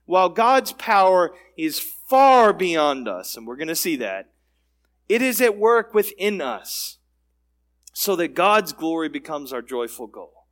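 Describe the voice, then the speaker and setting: A man's voice: a little high, sing-song, unhurried, fairly bright tone. A middle-aged man, a pastor, preaching a sermon with an emphatic, repetitive cadence.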